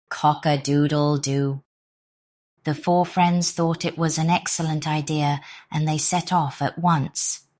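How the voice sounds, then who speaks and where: A woman with a British accent reading a children's storybook aloud in a slow, deliberate way. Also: deep voice, a little mellow, no room sound, clean studio sound.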